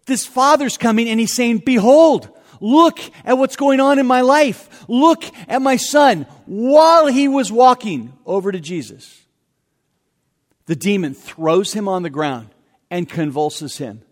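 A man preaching a sermon as pastor, conversational and animated, with self-deprecating asides. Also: fairly high pitch, big-room sound.

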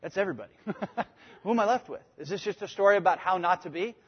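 A man preaching a sermon, emphatic and conversational, switching between loud points and quiet asides. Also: high-pitched, animated, fast, slightly rough, big-room sound, highs cut off. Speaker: pastor.

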